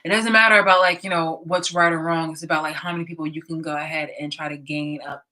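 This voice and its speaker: A woman's voice: sits low, fairly even intonation, quick pace, pushed and bright. A woman vlogger in a casual, profane, exasperated reaction rant, laughing often, filmed indoors. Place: indoor room.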